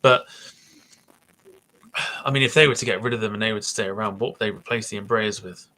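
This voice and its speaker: Bright-voiced man, podcast host. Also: lowish voice, quick pace, poor audio. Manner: hesitant, thinking aloud with many fillers. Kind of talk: casual chat.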